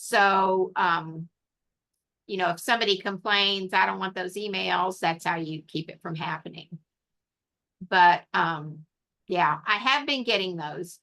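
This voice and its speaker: Woman running a zoom meeting, bright kinda sharp voice, rambles with lots of ums. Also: fairly low pitch, a little slow, creaky. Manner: rambling, explains with many fillers. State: has the hiccups. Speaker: meeting leader. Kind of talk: casual online meeting talk.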